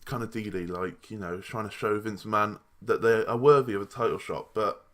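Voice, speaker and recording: A man's voice: lowish voice, a little fast. A young man giving a casual, rambling review of a wrestling show. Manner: chatty and rambling, with restarts and asides.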